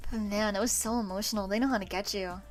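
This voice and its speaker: A woman in her twenties chatting casually with her stream viewers, loose and profane, laughing often. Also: mid-range voice. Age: 20s. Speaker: livestreamer.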